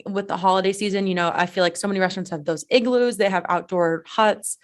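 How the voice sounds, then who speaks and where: A woman's voice: medium pitch, steady tone, quick pace. Woman co-host rambling through tips. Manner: rambling with many fillers. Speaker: podcast co-host. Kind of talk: casual chat.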